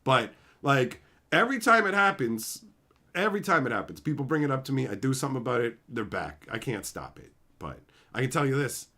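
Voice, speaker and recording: A man's voice: mid-range voice, very animated, a little fast, sharp tone. A young man hosting a livestream, ranting in a brash, profane, swaggering way. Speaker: livestream host. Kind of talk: casual livestream rant.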